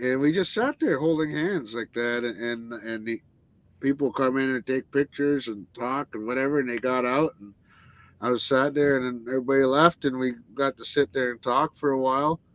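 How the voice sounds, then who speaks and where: A man's voice: mid-range voice, moderate pace, a bit bright, dry recording. Rambling storyteller man, dry sound. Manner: rambling, swears, many restarts and tag "eh". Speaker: guest musician. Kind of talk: casual storytelling.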